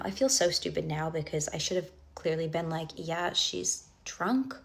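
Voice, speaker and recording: A young woman with a deep voice rambles through a casual storytime, piling on fillers and restarts. Her voice carries a noticeable vocal fry, and she keeps slipping into hushed whispers for asides. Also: fairly even intonation, normal speed, few pauses.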